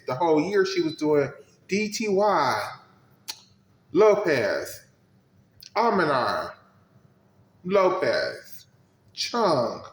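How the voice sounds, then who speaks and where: A man commenting with sass and preachy call-outs, his voice bouncing around an echoey room. He ranges from sharp jabs to a low, quiet mutter. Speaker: recap commentator. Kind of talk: reaction commentary.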